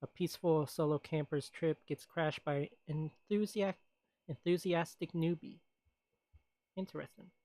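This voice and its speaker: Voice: medium pitch, measured pace, dark tone, no echo. A streamer in casual stream chat, rambling along with frequent laughs and sighs.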